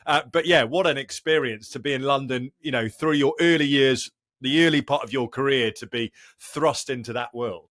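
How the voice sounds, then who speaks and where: A man's voice: mid-range voice, normal speed, fairly bright tone, no room sound. A man hosts a podcast, asking his guest friendly leading questions. His voice sits in a mid range and sounds close and dry, with no room around it. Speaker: podcast host. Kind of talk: casual podcast interview.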